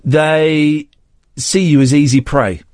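A man's voice: a little high, steady tone, slow, darkish tone, no room sound, studio quality. A man hosting a radio show, bantering with a co-host in teasing, mock-outraged rants. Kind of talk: casual on-air banter.

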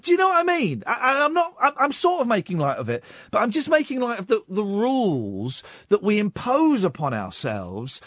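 A man's voice: high-pitched, wildly swooping pitch, normal speed, few pauses, fairly bright tone, no room sound, studio quality. A man in his forties hosting late-night talk radio, rambling wryly and mocking himself. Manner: wry, rambling, self-mocking. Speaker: radio talk show host. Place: radio studio.

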